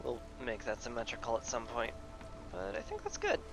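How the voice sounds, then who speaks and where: Male gamer, gravelly and animated, casual playthrough commentary. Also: mid-range voice, over music. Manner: musing aloud, playful asides, drawn-out fillers. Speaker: video game player.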